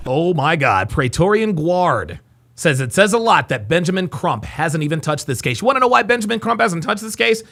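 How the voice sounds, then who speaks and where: A man hosting a live reaction stream, reading viewer super chats and reacting with excitable, incredulous commentary. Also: fairly high pitch, moderate pace. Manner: animated, voice rising often, excitable.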